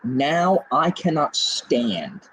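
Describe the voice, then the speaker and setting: A man in casual conversation, his pitch swinging widely as he rants in quick bursts. He sounds like a book channel host chatting with friends. A faint hiss of noise sits under the voice. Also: low-quality recording. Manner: animated and ranting, talks fast in bursts. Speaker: booktube host. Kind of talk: casual chat on a group video call.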